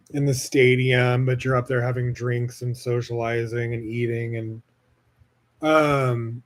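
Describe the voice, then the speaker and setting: Male podcast host, casual solo monologue, meandering, filler-heavy and profane. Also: mid-range voice. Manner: casual, rambling, heavy swearing and filler words.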